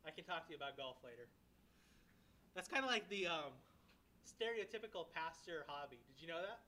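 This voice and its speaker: A man's voice: fairly high pitch, sing-song, brisk, pushed and bright, echoey room, rough recording. A young man preaching a conversational sermon, mixing self-deprecating asides with emphatic questions to the congregation. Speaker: church member preaching.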